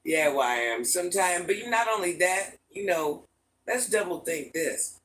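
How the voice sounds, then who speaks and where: A woman's voice: on the low side, expressive, normal speed, a bit bright, poor audio. An older woman hosting a casual livestream from home, chatting with viewers and greeting them with pet names. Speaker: livestream host.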